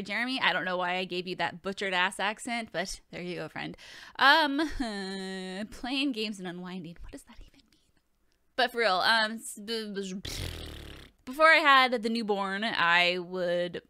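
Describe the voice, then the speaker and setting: Woman in her 30s, vlog host, bright tense voice, crisp, profane and joking, dry sound. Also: mid-range voice, no room sound. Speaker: video host answering viewer questions. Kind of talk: casual Q&A vlog.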